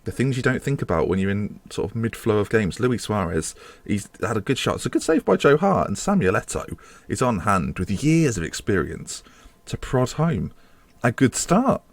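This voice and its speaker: Deep-voiced man commentating a game. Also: big pitch swings, moderate pace, vocal fry, no room sound. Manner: chatty, self-mocking, swears when frustrated. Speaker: gaming video host.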